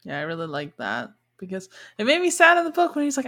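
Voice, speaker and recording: A woman's voice: medium pitch, huge pitch swings, fast, pushed and bright. A young woman co-hosting a podcast, chatting casually and filling her talk with "like". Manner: chatty, lots of "like" fillers. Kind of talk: casual chat.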